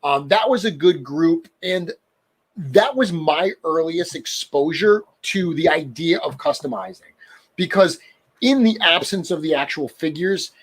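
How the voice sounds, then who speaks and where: A middle-aged man with a New England accent hosts a chatty podcast about collecting. His voice sits a bit high for a man, and he rambles easily and laughs at his own stories. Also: animated, measured pace, husky. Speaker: podcast host. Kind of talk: casual chat about toy collecting.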